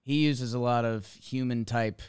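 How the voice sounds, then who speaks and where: A man co-hosting a casual baseball podcast, full of jokes. He reads an upbeat ad in the same easy way. His voice is very clear and crisp. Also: medium pitch, fairly even intonation, moderate pace, a little mellow, dry recording, clean studio sound. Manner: jokey, upbeat ad reading. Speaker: podcast co-host. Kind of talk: casual sports chat and host-read ad.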